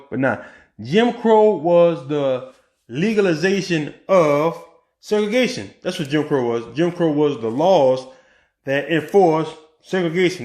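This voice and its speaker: A man speaking in a high voice, giving casual political commentary. He talks in an animated way, fires off rhetorical questions and restarts his sentences often. The room around him is echoey. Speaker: vlogger.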